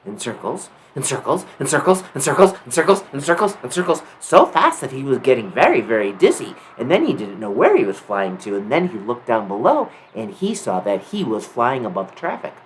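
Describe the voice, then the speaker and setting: Low-voiced, animated woman storyteller. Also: brisk, few pauses, slight background noise, rough recording. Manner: animated, asks the listener questions. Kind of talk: children's story narration.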